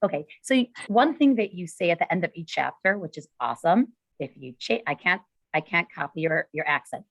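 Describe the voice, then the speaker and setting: A woman interviewer asking curious, halting questions in an online conversation. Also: on the low side, animated, vocal fry, fairly bright tone, no echo, poor audio.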